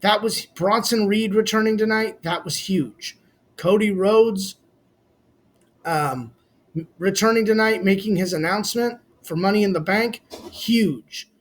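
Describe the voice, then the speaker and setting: Casual vlogger, male, high-pitched voice, blunt and opinionated, swears freely. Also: measured pace. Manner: blunt, swears casually, addresses fans as "boys". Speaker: wrestling commentary vlogger. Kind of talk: casual opinionated recap rant.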